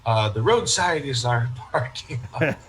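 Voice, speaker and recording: A man's voice: mid-range voice, lively intonation, unhurried, a bit bright, slight background noise, poor audio. A man, a parish priest, talking in a casual interview and telling stories that he acts out with quoted remarks and frequent restarts.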